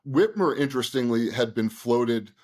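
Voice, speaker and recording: Man telling a story in an animated way. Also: medium pitch, normal speed. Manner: animated retelling with frequent fillers and restarts. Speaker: interview guest. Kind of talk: conversational storytelling.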